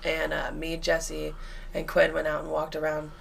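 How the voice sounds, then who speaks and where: A woman's voice: low-pitched, monotone, moderate pace, vocal fry, a crowd in the background. A woman in her twenties co-hosting a podcast, chatty and rambling as she tells a story. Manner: chatty, rambling, laughs often. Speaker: podcast co-host. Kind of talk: casual storytelling.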